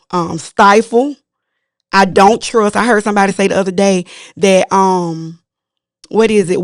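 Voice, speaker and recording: A woman's voice: mid-range voice, no room sound. Earnest confessional woman, dry close mic. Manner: earnest, confessional, animated when retelling. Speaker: podcast co-host. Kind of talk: candid casual chat.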